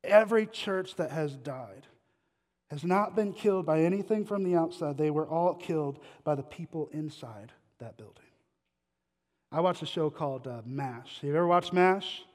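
A man's voice: fairly high pitch, normal speed, darkish tone. A man preaching a sermon to a congregation, telling stories in a conversational way and asking the listeners questions. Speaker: guest pastor. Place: church sanctuary. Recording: long hall reverb.

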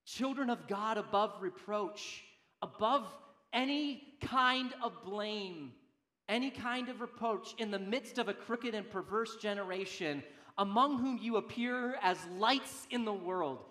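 A man in his thirties, a pastor preaching a sermon, emphatic, swinging between loud declarations and quiet, low asides. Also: unhurried.

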